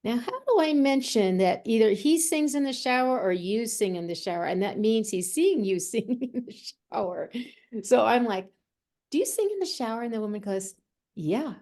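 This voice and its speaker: Warm-voiced woman medium telling stories. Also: fairly high pitch, moderate pace. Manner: animated storyteller who acts out quoted voices. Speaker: medium and healer, interview guest. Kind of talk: conversational storytelling.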